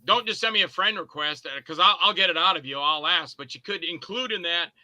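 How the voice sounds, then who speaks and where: An indie filmmaker and actor, guesting on a podcast, chats casually and rambles through stories, acting out both sides of each conversation. His voice sits high and a little fast, bright and forceful.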